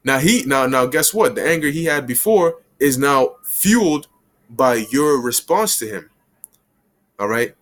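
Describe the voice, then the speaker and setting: A man gives a relaxed, conversational Bible lesson, weaving scripture into everyday street talk. He slips into quick mini-scenes with short bursts of other voices, and his own pitch sits right in the middle. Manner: casual street slang, acts out little scenes with quick voices. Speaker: bible teacher.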